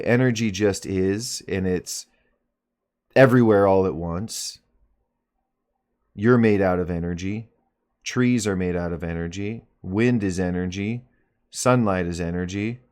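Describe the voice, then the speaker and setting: A man in his forties hosting a live mindset stream, explaining ideas in plain terms with a relaxed, joking manner. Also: low-pitched. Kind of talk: live stream talk and teaching.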